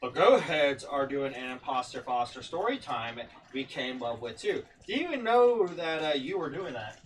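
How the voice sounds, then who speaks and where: A man's voice: medium pitch, very animated, normal speed. A man co-hosting a casual podcast, laid-back and joking, reading out listener comments. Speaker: podcast co-host. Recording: distant mic with faint background noise.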